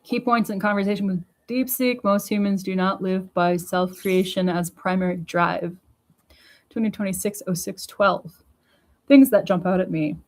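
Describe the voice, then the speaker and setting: Woman, casual diary vlog, blunt, sweary, animated, at home, camera in front of her, mid-range voice. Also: medium pitch, normal speed. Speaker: vlogger. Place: at home indoors.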